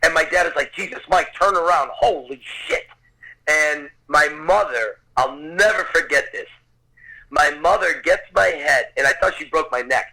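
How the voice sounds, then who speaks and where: A man in his fifties spins a lively anecdote as a podcast guest, dropping the odd curse word along the way. His voice sits a little high and sounds bright and forceful. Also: normal speed, poor audio. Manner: vivid storyteller, swears casually. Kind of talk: animated anecdote telling.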